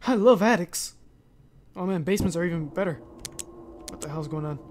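A man's voice: high-pitched, brisk, background noise. A young man commenting as he plays a horror game, jumpy, swearing and screaming whenever he is startled. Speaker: gaming channel host.

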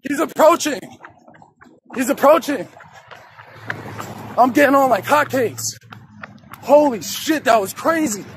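A man with a very high voice drawls slowly as he streams from a city street, speaking in a profane, slangy, excitable way. He holds his camera in his hand outdoors, and a faint hum of street sound sits behind him. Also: rough recording. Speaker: live streamer. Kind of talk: live street vlogging.

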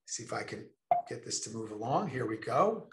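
A man giving an enthusiastic online presentation, stressing key words slowly and deliberately. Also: medium pitch, very animated, a bit bright, echoey room.

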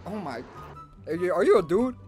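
A man's voice: high voice, very animated, normal speed, a little mellow, soft background music. A man from Maryland hosting a prank video, teasing and flirting with strangers in loose, slangy banter. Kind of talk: casual video chat banter.

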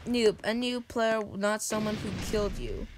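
A woman giving rambling commentary over her own gameplay, often bursting into yells. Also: medium pitch, moderate pace, background noise. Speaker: gaming video creator. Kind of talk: game commentary.

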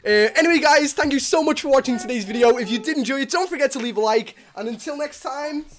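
A teenage boy talking to his webcam in a gaming vlog, giddy, breathless and flustered with excitement. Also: very high-pitched, fast talker, crowd noise. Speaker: gaming YouTuber. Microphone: webcam microphone.

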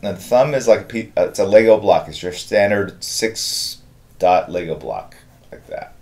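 A middle-aged man hosting a live drawing stream, giving relaxed, rambling step-by-step instructions and thanking viewers in the chat. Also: fairly low pitch, normal speed. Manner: relaxed, rambling instructions with fillers and chat-reader shout-outs. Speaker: artist hosting a draw-along stream.

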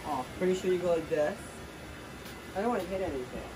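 A man filming a playful challenge vlog, excitable and self-mocking, swearing often. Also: sits high, fast talker. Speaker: vlogger. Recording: noisy home recording.

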